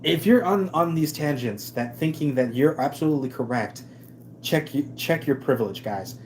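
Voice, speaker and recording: Mellow-voiced man ranting sarcastically. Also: fairly high pitch, expressive, moderate pace, slight background noise. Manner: sarcastic, emphatic, lots of restarts. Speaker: live stream host. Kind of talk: casual ranting commentary.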